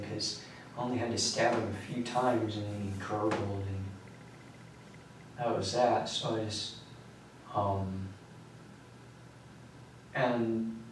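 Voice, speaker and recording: Teen guy, lowish voice, halting rambling talk, sounds worn out, far from the mic. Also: slight background noise. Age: late teens. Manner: rambling, halting, quiet recounting. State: exhausted. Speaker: suspect under questioning. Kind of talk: recounting events in a police interview. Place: police interrogation room. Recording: echoey room, mic far off.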